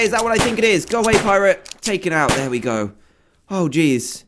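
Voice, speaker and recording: A young man giving casual, excitable commentary while playing a video game, often playfully scared. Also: sits high, fairly quick, music in the background. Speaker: gaming YouTuber.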